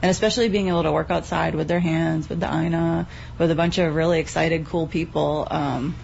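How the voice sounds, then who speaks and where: Woman, program coordinator, upbeat and filler-heavy; husky low tone, lo-fi recording with faint ambience. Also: steady tone, brisk, a little mellow, a little hiss or hum. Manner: enthusiastic, many fillers. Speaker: youth agriculture program coordinator. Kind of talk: casual radio talk interview. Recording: dull lo-fi sound with faint ambience.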